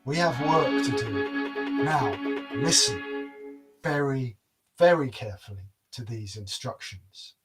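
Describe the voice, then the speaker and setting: A man voicing a calm, commanding young woman in a told folk tale, giving firm instructions. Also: mid-range voice, takes it slowly, over loud music.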